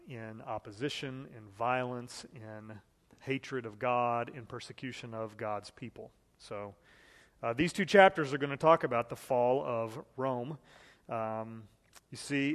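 A man's voice: medium pitch, long reverb tail. A man teaching a Bible study in a conversational way, reading scripture aloud and asking the group questions.

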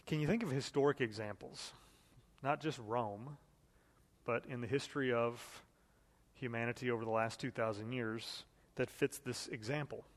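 A man's voice: mid-range voice, steady tone, moderate pace, big-room sound. A man teaching a Bible study in a conversational way, reading scripture aloud and asking the group questions.

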